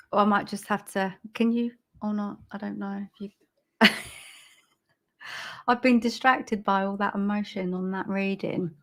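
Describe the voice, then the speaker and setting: Woman giving a halting psychic reading. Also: mid-range voice, fairly even intonation. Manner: soft, halting, many ums, repeats phrases; laughs at herself over tech trouble. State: choked up with emotion. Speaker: psychic medium. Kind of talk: live-streamed spiritual reading.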